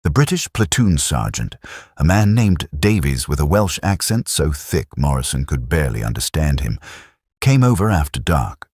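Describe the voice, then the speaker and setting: A man reads a war story in a steady, measured storyteller's voice. The voice is extremely deep and husky, with lively rises and falls in pitch. The recording is dry and close, with no room sound. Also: dry recording. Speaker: narrator. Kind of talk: scripted story narration.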